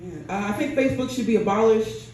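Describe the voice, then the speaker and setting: A woman performing a stand-up comedy set on a bar stage, with a deadpan delivery that keeps tagging jokes with "right?". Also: fairly high pitch, quick pace, crowd noise. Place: bar stage in front of a crowd. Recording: echoey room, mic heard from a distance.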